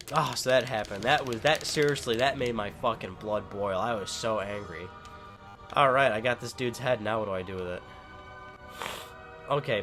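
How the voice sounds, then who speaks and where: A man's voice: on the low side, a bit bright. A man doing casual gameplay commentary at home, rambling with many fillers and swearing freely as he tells a story. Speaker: gaming commentator.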